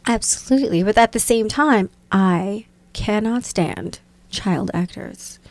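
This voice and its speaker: A woman's voice: medium pitch, takes it slowly, no room sound. Dry-sounding woman chatting animatedly. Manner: animated, mimics voices in anecdotes. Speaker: guest. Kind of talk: casual chat.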